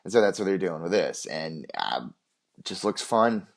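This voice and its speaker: A man's voice: sits low, lively intonation, normal speed, creaky. A man co-hosting a casual game podcast, rambling with many restarts and casual swearing. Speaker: podcast co-host. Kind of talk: casual chat.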